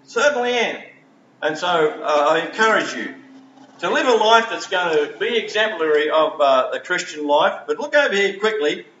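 High-voiced man preaching in an echoey hall. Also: expressive, moderate pace, a bit bright, recorded from a distance, lo-fi sound, a little hiss or hum. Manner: conversational storytelling, acts out quoted voices. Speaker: preacher and school teacher. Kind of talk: sermon.

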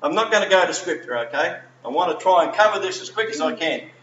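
A man's voice: on the high side, lively intonation, fast, fairly bright tone, echoey room, recorded from a distance, lo-fi sound, slight background noise. A middle-aged man preaching a sermon in a conversational storytelling way, acting out quoted voices. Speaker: preacher and school teacher.

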